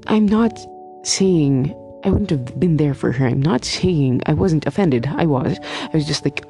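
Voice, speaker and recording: A young woman in her twenties tells a story in a casual vlog, rambling and emphatic, tripping over fillers and restarting her sentences. Her voice is dark and mellow with a gravelly fry running through it. Faint music plays underneath. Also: medium pitch, animated, moderate pace. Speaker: medical student.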